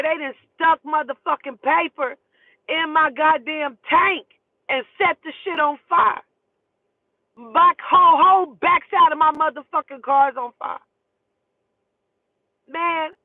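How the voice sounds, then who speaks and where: A woman's voice: sits high, normal speed, no echo. A woman telling a story in a casual, profane and emphatic way. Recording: tinny phone line, dry.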